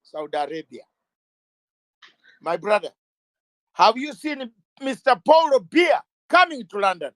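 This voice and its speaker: A man's voice: extremely high pitch, sing-song, unhurried, long pauses, fairly bright tone, no echo. A middle-aged man, a lawyer being interviewed, speaking in an impassioned way, firing rhetorical questions and repeating phrases for emphasis.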